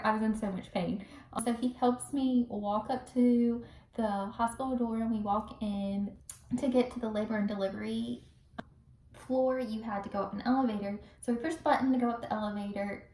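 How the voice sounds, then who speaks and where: A young woman casually telling a personal story to the camera, chatty and animated, acting out what people said. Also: medium pitch, slight background noise. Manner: chatty, animated, acts out quotes with laughs. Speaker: vlogger telling her birth story. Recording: roomy echo, recorded from a distance.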